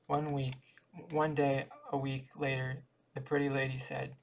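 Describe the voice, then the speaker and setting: A man reading a short story aloud in a steady, even way. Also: medium pitch, unhurried, poor audio. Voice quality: gravelly. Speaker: audiobook reader.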